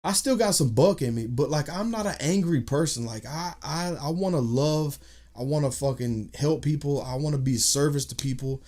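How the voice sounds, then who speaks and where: Somewhat high-voiced man, podcast guest, cussing, acting out his stories. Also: moderate pace. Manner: profane, animated storyteller acting out quotes. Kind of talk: casual storytelling chat.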